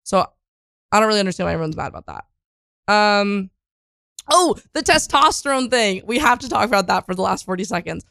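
A woman's voice: medium pitch, lively intonation, brisk, creaky, fairly bright tone, no echo, studio quality. A woman casually recapping the week's news, blunt and opinionated, swearing freely and rambling with fillers.

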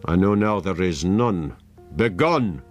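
A man's voice: low-pitched, lively intonation, takes it slowly, faint music behind. A man voicing a shabby old drunkard who speaks harshly and defiantly. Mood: bitter.

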